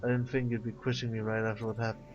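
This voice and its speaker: A man's voice: fairly low pitch, level tone, rapid-fire, lightly acted. A man reading as a nervous young alien troll. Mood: apologetic. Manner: apologetic, hesitant. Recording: dull lo-fi mic with faint game music.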